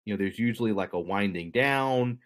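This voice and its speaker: A man's voice: fairly low pitch, brisk. Man telling a story on a podcast. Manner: conversational, jokey, explains history to co-host. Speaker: podcast co-host.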